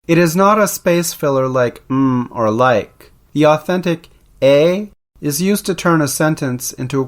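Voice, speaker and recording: A man from Canada hosting a podcast, reading a script in a dry, tongue-in-cheek way. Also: on the high side. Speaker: podcast host. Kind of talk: scripted narration.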